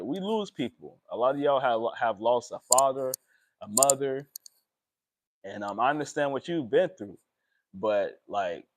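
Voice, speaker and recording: Young guy in his vlog, earnest and emotional, lots of ums and pauses. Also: medium pitch, a little hiss or hum. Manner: earnest, emotional, halting with fillers. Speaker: vlogger. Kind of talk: personal confessional vlog.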